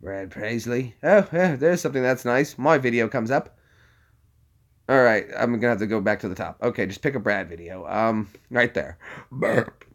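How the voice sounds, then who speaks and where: Man, casual vlog chat, mid pitch, rambling, chuckles, thinks aloud. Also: moderate pace. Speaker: vlogger.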